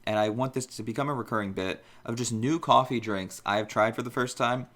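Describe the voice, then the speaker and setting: A man's voice: mid-range voice, a little fast, fairly bright tone. A man in his twenties co-hosting a casual podcast, chatty and rambling. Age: 20s. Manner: chatty, rambling, self-conscious. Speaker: podcast co-host. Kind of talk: casual chat.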